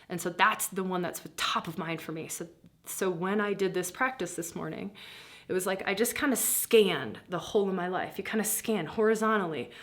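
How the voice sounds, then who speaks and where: Animated woman guiding a spiritual practice. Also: on the low side. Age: middle-aged. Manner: animated, breezy, laughs often, acts out inner voices. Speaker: spiritual teacher. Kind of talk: guided spiritual teaching.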